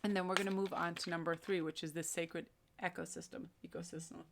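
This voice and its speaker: A woman's voice: on the low side, fairly even intonation, fast, background noise. A woman doing a pick-a-card tarot reading, speaking encouragingly and directly to the viewer. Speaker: tarot reader.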